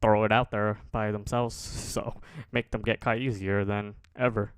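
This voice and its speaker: A man casually commenting as host of a reaction video, rambling and pausing to remark on what he watches. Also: lowish voice. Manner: relaxed, rambling, pauses to comment.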